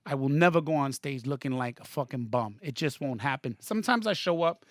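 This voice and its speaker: A man's voice: mid-range voice, brisk, dry recording, clean studio sound. A man, a comedian guest on a podcast, telling stories animatedly and with profanity, acting out the quotes. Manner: profane, excited, acts out quotes. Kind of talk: animated storytelling in a podcast interview.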